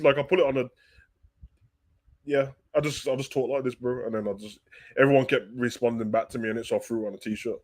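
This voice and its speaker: A man hosting a live wrestling talk stream, reading viewer questions aloud and answering them in loose, slangy, animated chat. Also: mid-range voice, fast talker. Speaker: wrestling talk show host.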